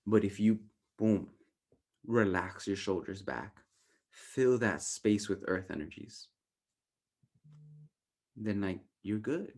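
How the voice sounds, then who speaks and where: Animated man teaching with "right?". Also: lowish voice, slow, long pauses. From Southern California, US. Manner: animated, often ends points with a questioning "right?"; acts out inner voices in raised, playful tones. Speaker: workshop facilitator. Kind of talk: casual teaching talk to a group.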